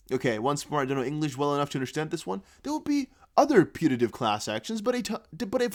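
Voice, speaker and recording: Rambling Dutch-native man, lively pitch. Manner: rambling, halting, restarts while reading. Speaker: crypto news video host. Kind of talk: casual commentary reading posts aloud.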